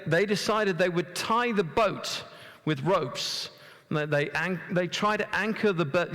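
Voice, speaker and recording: A man with a fairly high voice tells a story from the pulpit and keeps asking his listeners questions. He stumbles now and then, repeating a word before carrying on. His voice rings through a large church with a long echo. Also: a bit bright. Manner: storytelling, asks the congregation questions. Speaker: preacher. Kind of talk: conversational sermon.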